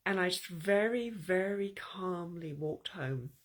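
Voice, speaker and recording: A woman hosting her own show, telling a story and reflecting in a calm, measured monologue. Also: fairly low pitch. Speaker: podcast host.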